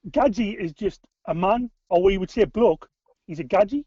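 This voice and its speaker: A man's voice: sits high, moderate pace, warm tone, slightly rough, no room sound, dull audio. A young man, co-hosting a podcast and teasing his guest with local slang over a video call. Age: young adult. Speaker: podcast co-host. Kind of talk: casual video-call chat.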